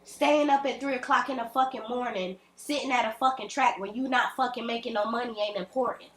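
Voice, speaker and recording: A woman's voice: a little high, fairly even intonation, brisk. Blunt, profane woman ranting at the camera. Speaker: vlogger. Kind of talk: ranting direct-to-camera vlog. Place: at home. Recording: echoey room.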